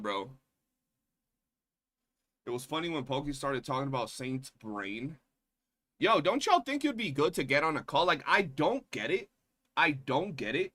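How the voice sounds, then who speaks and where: A man's voice: on the high side, bright, forceful tone. A young man streaming, chatting casually in slangy, profane rants and mocking the people he talks about. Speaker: streamer reacting to drama. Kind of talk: casual reaction stream chat.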